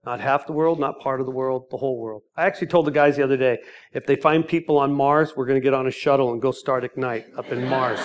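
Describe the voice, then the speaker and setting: A middle-aged man telling his story of going into ministry, animated and acting out the people in it. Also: medium pitch, a little hiss or hum. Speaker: ministry founder giving his testimony. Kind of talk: storytelling testimony.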